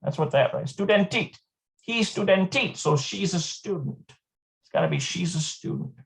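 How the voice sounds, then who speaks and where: A Hebrew teacher giving a live online lesson, thinking aloud, hesitant and repeating words slowly. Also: mid-range voice, animated, vocal fry.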